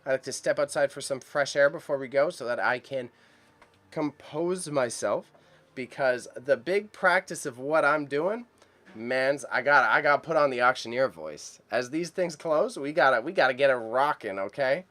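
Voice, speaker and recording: A man's voice: medium pitch, lively intonation, normal speed, a bit bright. A man hosting a live stream about an auction, talking casually and enthusiastically to his chat viewers with a lot of slang. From Canada. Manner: chatty and enthusiastic, speaks straight to chat viewers, uses slang.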